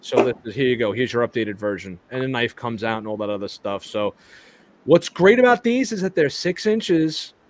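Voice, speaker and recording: A man's voice: mid-range voice, animated, moderate pace, heavy background noise. Rambling casual male toy stream host. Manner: rambling, stumbling restarts, swears casually. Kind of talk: casual live chat about toys.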